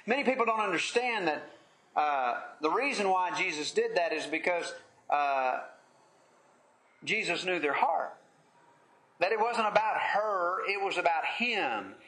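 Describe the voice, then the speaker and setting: A man preaching a sermon in an earnest, measured way, pausing often as he leads a Bible study. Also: high-pitched, expressive, sharp tone, reverberant.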